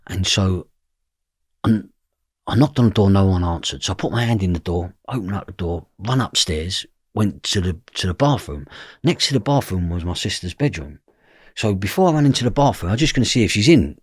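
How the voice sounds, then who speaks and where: Low-voiced and slightly rough, this middle-aged man speaks fairly quickly with lively intonation. As a podcast guest, he recounts his experiences in blunt, intense first person, cursing and often checking whether you get what he means. The sound is studio quality, free of echo.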